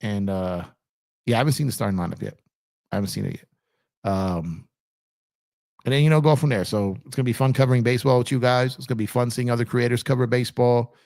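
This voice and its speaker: A man's voice: mid-range voice, fast, vocal fry, a little mellow, no room sound, studio quality. Laid-back man rambling on a livestream. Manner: laid-back and rambling, with frequent fillers and repeats. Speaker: sports channel host. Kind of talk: casual livestream chat.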